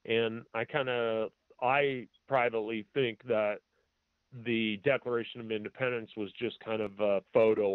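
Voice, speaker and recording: A man hosting a talk show who speaks hesitantly with many pauses and filler words, and reads documents aloud, spelling out capitals and punctuation. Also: on the low side, smooth, dry recording. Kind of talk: slow, halting talk-radio monologue. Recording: tinny, dry phone-line audio.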